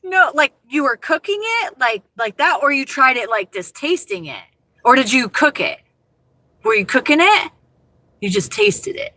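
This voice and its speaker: Animated woman chatting from her car. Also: high-pitched, moderate pace, no echo. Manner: expressive, animated, laughs often. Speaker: livestream host chatting with viewers. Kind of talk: casual livestream chat.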